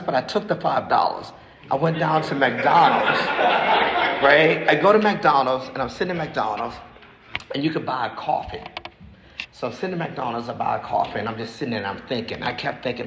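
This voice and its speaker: A man in his sixties giving a recovery testimony at a meeting, talking frankly and haltingly, repeating himself as he tells his story. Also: mid-range voice, lively intonation, creaky. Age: 60s. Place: meeting hall. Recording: echoey hall with faint noise.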